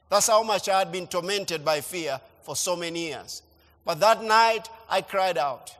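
A man preaching a sermon, emphatic and repeating phrases as he swings between loud and soft. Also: sits high, long reverb tail. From Kenya. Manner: emphatic, repeats phrases, rising and falling delivery. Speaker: pastor. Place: church.

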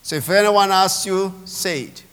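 A man's voice: high voice, measured pace, fairly bright tone, clean tone. A man preaching a sermon as pastor, emphatic and calling on the congregation to respond. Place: church sanctuary. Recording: long reverb of a large hall.

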